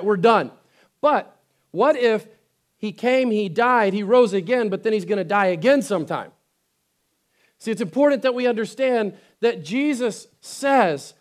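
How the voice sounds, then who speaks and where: Man preaching, high voice, emphatic, loud then hushed, sermon delivery. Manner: emphatic, swings between loud and soft; acts out scripture quotes. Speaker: pastor.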